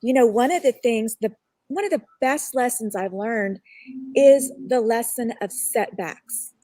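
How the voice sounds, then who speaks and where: A woman's voice: fairly high pitch, a little slow, mellow, no echo. A woman guest on a live online show, telling a personal story in an earnest, reflective way.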